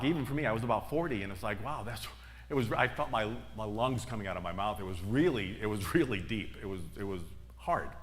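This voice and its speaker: A man's voice: fairly low pitch, fairly bright tone. Middle-aged male minister in a reverberant hall. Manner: storytelling with emphatic repetitions. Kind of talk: sermon. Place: church sanctuary.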